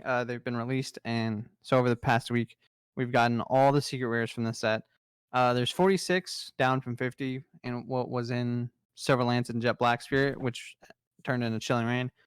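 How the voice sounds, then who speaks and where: Young guy cohosting a card podcast, smooth clear voice, hyped, going down the card list. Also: mid-range voice, steady tone, normal speed, no room sound, studio quality. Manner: enthusiastic, rattles off card lists. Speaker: podcast co-host presenting trading card news. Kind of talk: casual podcast chat.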